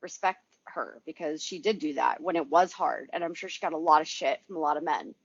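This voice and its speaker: A woman co-hosting a casual podcast, giggly and expressive, who swears and then corrects herself. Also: low-pitched, fairly quick, crowd noise. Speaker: podcast co-host. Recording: dry, slightly lo-fi remote audio.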